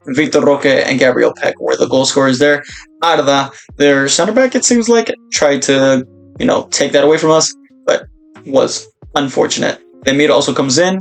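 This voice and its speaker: A young man commentating his own football video game career, breaking into excited shouts at big moments. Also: fairly high pitch, creaky. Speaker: gaming YouTuber.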